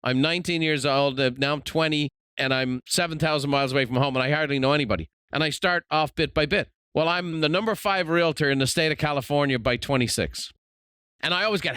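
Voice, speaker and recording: A man's voice: fairly high pitch, fast talker, sharp tone, clear, resonant tone, dry recording. A man in his fifties hosting an interview, speaking in an earnest, reflective way. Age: 50s. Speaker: podcast host. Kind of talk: conversational interview.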